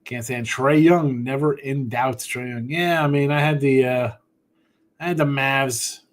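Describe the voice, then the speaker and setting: A tired man, yawning after a short night, hosts a sports betting podcast, chatting casually and reading out viewer comments. He rambles offhandedly and addresses chat members by name, his medium-pitched voice steady and unhurried.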